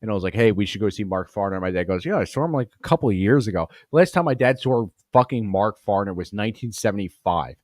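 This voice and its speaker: A man's voice: lowish voice, lively intonation, fast, hardly any pauses, no echo, studio quality. A man with a Long Island accent, hosting a podcast and telling crude, rambling stories full of swearing. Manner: profane, rambling, swears a lot. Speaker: podcast host. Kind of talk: crude comedic storytelling.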